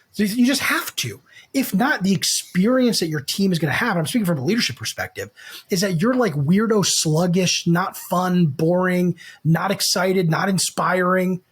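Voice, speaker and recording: A man co-hosting a business podcast, speaking with a rough, raspy edge. His pitch swings widely as he talks. He is blunt and emphatic and swears freely. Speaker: podcast co-host. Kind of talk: casual business podcast chat.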